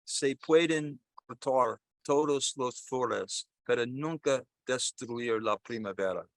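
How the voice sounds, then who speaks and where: A bereaved village woman speaking slow, solemn words of faith, as an older priest repeats them. Deliberate pace, close dry sound. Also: mid-range voice, dry recording, natural voice.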